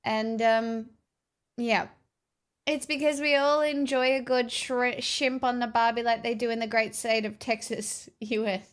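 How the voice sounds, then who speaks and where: Tired, slow-talking woman streamer. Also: a little high, fairly even intonation. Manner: rambling, playful, self-mocking. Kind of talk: casual chat with stream viewers.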